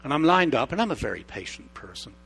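A middle-aged male pastor preaching a sermon, telling personal stories that swing from hushed, slow emphasis to animated outbursts. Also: mid-range voice, creaky, breathy edge. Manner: expressive storyteller, shifts from hushed to animated.

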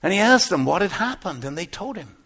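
A man playing Michael, a gravelly old shepherd. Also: high voice, very animated, fairly quick, full character voice. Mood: wondering. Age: older. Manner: earnest storytelling with big swings from hushed to exclaiming. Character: aging male biblical shepherd, earnest and awestruck. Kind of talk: first-person dramatic monologue.

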